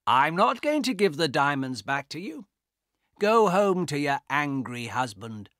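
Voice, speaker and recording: A man voicing a greedy, cruel young man in a storybook, talking in a slow mocking drawl. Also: a little high, big pitch swings, fairly bright tone, no room sound, studio quality, voice pushed up.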